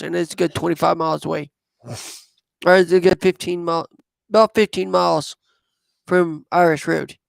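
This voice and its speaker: Slow, gravelly man telling a story. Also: high-pitched, no room sound. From southwest Missouri. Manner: rambling, halting, with many fillers. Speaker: vlogger. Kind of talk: personal storytelling.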